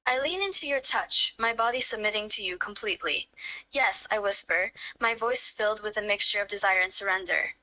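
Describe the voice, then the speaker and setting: A woman voicing a smitten young woman in a fan role-play, speaking in a soft, quavering tone. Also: mid-range voice, fairly quick, poor audio. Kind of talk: fan role-play reading, first person.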